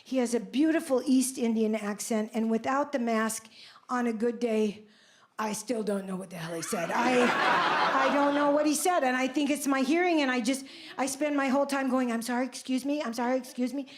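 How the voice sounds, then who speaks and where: This is live stand-up from a comedy club stage: a woman in her 70s tells stories brashly, poking fun at herself with big exclamations. Her pitch is fairly high and her pace moderate. Audience noise comes through the stage mic, with laughter in the background.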